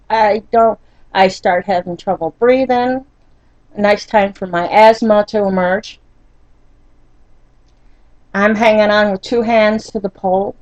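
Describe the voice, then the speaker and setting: An older woman telling a painful personal story in a vlog, halting and frustrated, often near tears, with many fillers and restarts. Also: mid-range voice, fairly even intonation, darkish tone, no echo, muffled recording. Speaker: vlogger.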